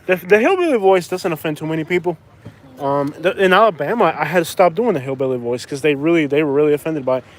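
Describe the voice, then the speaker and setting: A man's voice: a little high, animated, quick pace. A man from Florida chatting casually on a live stream as he walks outdoors near a beach, rambling and repeating himself, recorded on a phone on a stabilizer. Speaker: vlogger hosting a live stream. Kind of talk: casual live-stream chat while walking.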